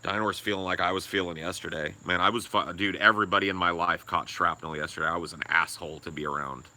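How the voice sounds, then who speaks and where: A man co-hosting a podcast, talking in a profane, rambling casual way with loud laughs. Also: low-pitched, fairly even intonation, fast. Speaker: podcast co-host. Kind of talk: casual chat.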